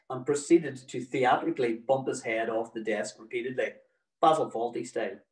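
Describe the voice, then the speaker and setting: A man's voice: medium pitch, reverberant, far from the mic, rough recording. A middle-aged man, telling a personal story to an audience with dry, wry, mock-exasperated humour.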